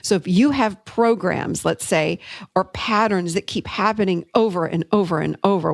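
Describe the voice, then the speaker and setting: A middle-aged woman hosting a podcast, telling a coaching story in an upbeat, animated way. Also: lowish voice, moderate pace, creaky, no echo. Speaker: podcast host and therapist. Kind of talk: solo teaching talk.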